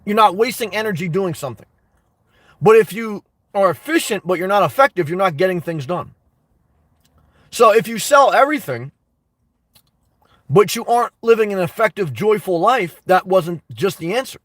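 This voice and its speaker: With long pauses and an expressive, high, fairly bright voice at normal speed, a YouTube host works through viewer comments on a casual stream. He repeats his points emphatically and laughs between remarks, recorded from a distance with no echo.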